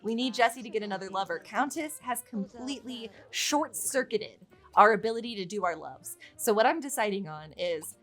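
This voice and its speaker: A woman delivers let's play commentary in a chatty, excitable way, swearing freely. Her voice sits at a middling pitch but swings widely up and down as she reacts. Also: normal speed, hardly any pauses, faint music behind. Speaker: gaming YouTuber.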